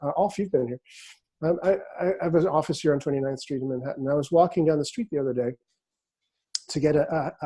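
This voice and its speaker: A middle-aged man, a hypnotist, talking casually in an interview and sliding into slow, hypnotic phrasing as he tells stories. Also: fairly high pitch, slightly rough. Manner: relaxed and storytelling, drops into slow hypnotic phrasing. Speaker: hypnotist explaining his method. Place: office in a big city.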